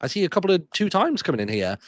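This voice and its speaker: A man hosting a charity livestream, reading out donor names one after another with quick thanks and little asides. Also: sits high, sing-song, no room sound. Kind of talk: live donation readout.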